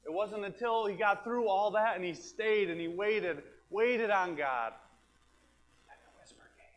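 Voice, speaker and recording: Pastor guy preaching, kinda high voice, chatty, repeats stuff, sometimes goes down to a whisper. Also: measured pace, fairly bright tone, rough recording. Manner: drops to a whisper to make a point, then back up; conversational, plain-spoken, repeats key phrases. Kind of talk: sermon.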